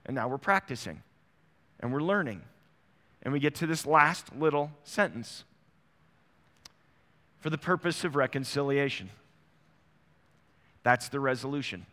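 Preaching at a measured pace with frequent pauses, a middle-aged pastor sounds animated, his medium-pitched voice pushed and bright. His sermon is conversational and acts out small everyday dialogues. The church sanctuary setting gives the recording a long hall reverb.

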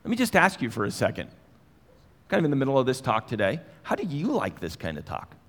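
A man's voice: medium pitch, wildly swooping pitch, quick pace, fairly bright tone, in a large hall. A man preaching a sermon in a conversational way, asking his listeners direct questions. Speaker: pastor.

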